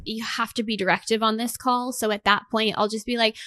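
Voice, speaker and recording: A woman's voice: fairly high pitch, level tone, fairly quick, few pauses, fairly bright tone, dry recording. A woman coaching on patient calls, talking in a direct, casual way with plenty of filler words. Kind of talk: conversational podcast talk.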